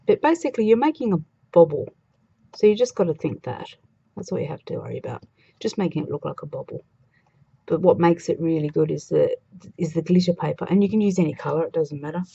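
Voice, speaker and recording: A woman's voice: lowish voice, lively intonation, brisk, creaky, dark tone, husky, highs cut off. A woman demonstrating a craft project in a chatty, casual way, thinking aloud as she works. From Australia.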